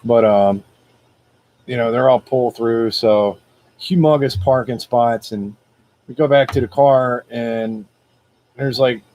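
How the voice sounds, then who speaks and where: Slangy, animated storytelling man. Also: medium pitch, slow, pauses often, dull audio. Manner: greets viewers live by name. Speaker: motivational video host. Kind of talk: casual personal storytelling.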